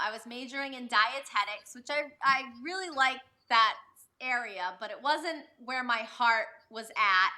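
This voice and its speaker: A woman's voice: high-pitched, bright, forceful tone. A woman in her thirties, a guest author talking over a video call in a casual interview, candid and reflective, with plenty of fillers.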